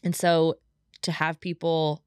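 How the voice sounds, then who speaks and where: A woman's voice: low-pitched, flat delivery, slow, a little mellow, clear, resonant tone, no room sound. A young woman hosting a solo podcast, talking in a chatty, emotional way and leaning on "like" a lot, recorded in a podcast studio. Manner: chatty and emotional, heavy use of "like". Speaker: podcast host.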